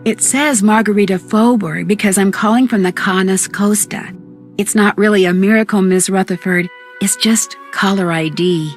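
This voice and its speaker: A woman's voice: mid-range voice, normal speed, lightly acted. An actress with an American accent voicing an earnest young female amateur detective in a video game, polite and plain-spoken. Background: faint game music.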